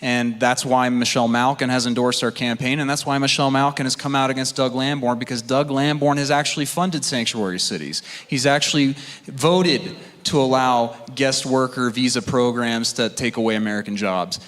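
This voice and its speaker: A man's voice: mid-range voice, normal speed, fairly bright tone. A man running for office, answering at a candidate forum in combative, rallying campaign rhetoric. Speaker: political candidate. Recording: long hall reverb.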